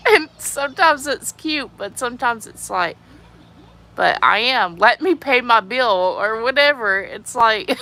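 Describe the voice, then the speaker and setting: In a fairly high, childlike voice at a normal pace, a young adult woman goes through viewer comments on her livestream. Her manner is animated and giggly, with plenty of laughter.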